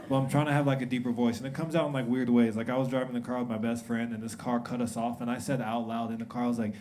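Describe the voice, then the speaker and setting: A man's voice: medium pitch, steady tone, fast talker, few pauses. A young man performing a stand-up comedy set, chatting loosely, acting out quotes and laughing at his own jokes. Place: comedy club stage. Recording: live club recording with loud crowd noise. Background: loud audience laughter.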